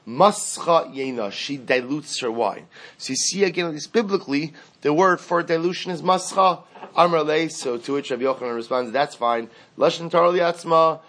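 A man's voice: fairly high pitch, fairly bright tone. A man giving a Talmud class lecture, explaining a passage in a singsong study cadence, repeating phrases and asking and answering his own questions. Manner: explains in a singsong study cadence, mixing Aramaic and Hebrew terms. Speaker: Talmud teacher.

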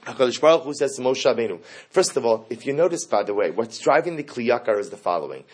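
A man giving a lively Torah class, asking rhetorical questions and mixing in Hebrew terms. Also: medium pitch, fast talker, breathy edge. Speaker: rabbi teaching Torah.

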